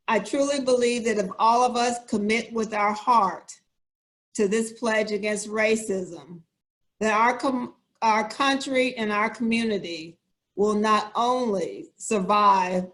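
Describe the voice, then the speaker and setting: A woman hosting a program, speaking deliberately as she leads a pledge. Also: medium pitch, steady tone, a bit bright. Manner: slow, measured, deliberate. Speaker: CEO and program host. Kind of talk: speech leading a pledge.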